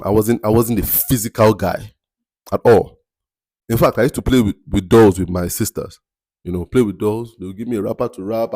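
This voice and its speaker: A man with a Nigerian accent hosting a faith-based motivational podcast, speaking slowly and deliberately and repeating words for emphasis. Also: lowish voice, dark tone, no echo, studio quality. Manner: slow, deliberate, picks words carefully with emphatic repetition. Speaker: podcast host.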